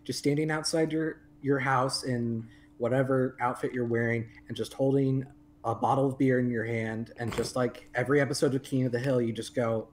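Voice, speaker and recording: A man's voice: mid-range voice, steady tone, moderate pace. Guy from southwest missouri, dry jokey chat, lil hum in the background. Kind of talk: casual livestream chat.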